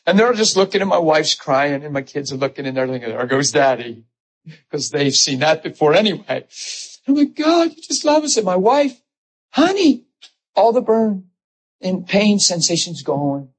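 Man, middle-aged, preacher, husky, fairly high voice, emotional sermon storytelling. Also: normal speed, low-quality recording. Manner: emotional, animated storytelling with acted quotes. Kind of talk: sermon with personal stories.

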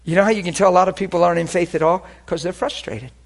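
A man preaching a sermon, animated and full of stories, moving between loud exclamations and quiet, hushed asides. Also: sits high, rapid-fire, gravelly.

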